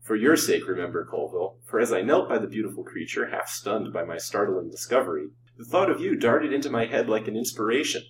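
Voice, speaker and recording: A cold, calculating doctor out of a storybook, as a narrator puts him on, calm and sneering. His voice sits low and steady. The recording is distant, with a faint hum behind it. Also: fairly quick, few pauses, close to an everyday voice.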